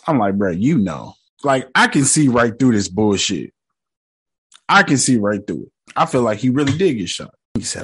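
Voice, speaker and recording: A man's voice: mid-range voice, big pitch swings, normal speed, husky. A man casually recapping a TV episode in slangy, joking talk, mockingly quoting the characters. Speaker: show recap host.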